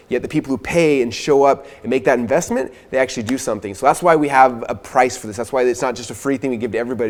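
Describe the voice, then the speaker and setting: A man of middling pitch pitches a course on a live webinar at a brisk pace. He talks earnestly, leaning on "like" fillers as he makes his case. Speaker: course co-presenter.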